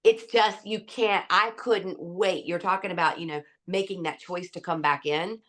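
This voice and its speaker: A woman's voice: lowish voice, steady tone, normal speed, fairly bright tone. A woman doctor speaking as a guest in an interview, candid and emphatic, laughing easily. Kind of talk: conversational interview.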